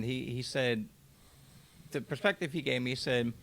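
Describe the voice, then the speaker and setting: A man's voice: medium pitch, moderate pace, a bit bright, a little hiss or hum. A man in his twenties, a podcast guest telling his personal story in a candid, raw way and swearing freely.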